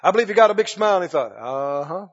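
A man with a high, bright-pitched voice preaches a sermon, pressing his congregation with rhetorical questions and emphatic calls. His voice rings out with a long echo through a church sanctuary. The recording sounds dull and muffled. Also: rapid-fire, slightly rough.

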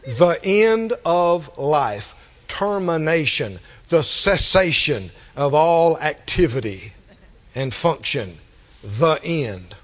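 A man preaching a sermon, drawing out his words and building to emphatic shouted refrains. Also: fairly high pitch, very animated, slow, dull audio.

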